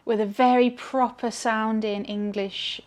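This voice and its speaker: A woman's voice: on the high side, flat delivery, measured pace. A woman with a Geordie accent, chatting frankly to camera as a tarot reader and rambling as she goes. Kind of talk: casual chat to camera.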